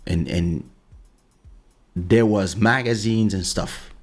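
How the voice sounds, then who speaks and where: A male podcast host in his home office talks slowly in a low-pitched voice over a studio USB mic, with faint music behind him. Casual but insistent, he tells a personal story and keeps saying "listen" to drive his points home.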